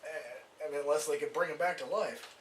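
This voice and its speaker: A man's voice: a little high, a little fast, recorded from a distance, slight background noise. A man performing a stand-up comedy set, rambling loosely, swearing and acting out voices. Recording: echoey room recorded from afar.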